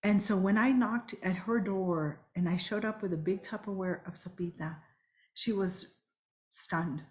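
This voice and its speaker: A woman's voice: medium pitch, unhurried, a little mellow. A woman giving a webinar talk over a video call, telling reflective, earnest stories. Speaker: webinar speaker. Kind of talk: storytelling talk.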